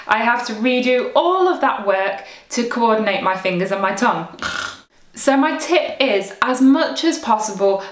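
A woman teaching recorder practice tips in a clear, encouraging way, sometimes singing rhythms aloud. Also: mid-range voice, reverberant.

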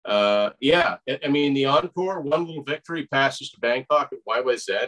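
A man's voice: medium pitch, moderate pace, fairly bright tone, low-quality recording. A man guesting on a podcast, chatting casually and listing songs with enthusiasm. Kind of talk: casual chat about music.

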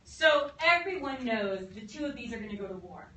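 A bright, high-voiced woman teacher lectures at speed and slips into quick comic voices for the countries she describes. The sound is roomy and a little distant, like a classroom heard from the back with a faint hum behind. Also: lively intonation. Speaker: history teacher. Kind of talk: fast, animated classroom lecture. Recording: echoey room, mic at a distance.

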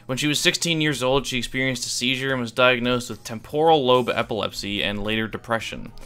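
Bright, crisp-voiced man narrating wryly. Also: medium pitch, fairly quick. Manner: wry, offhand, swears for comic effect. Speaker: YouTube iceberg explainer. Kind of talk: scripted video narration with casual asides.

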